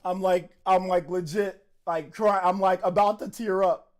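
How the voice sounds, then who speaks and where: A man hosting a live reaction stream, talking in excited, emotional bursts and repeating himself, with a voice that is wearing out. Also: sits high, a little slow. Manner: excited, emotional, repetitive exclamations. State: losing his voice. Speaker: host.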